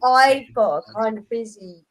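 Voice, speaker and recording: A woman's voice: on the high side, measured pace, a crowd in the background, poor audio. A woman co-hosting a casual livestream, gushing and affectionate toward her guests. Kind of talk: casual chat.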